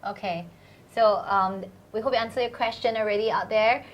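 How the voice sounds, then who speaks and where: A woman's voice: mid-range voice, steady tone, fairly quick, lo-fi sound. A woman hosting a live question-and-answer show, reading out viewer questions in a chatty, playful way and laughing often. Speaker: host.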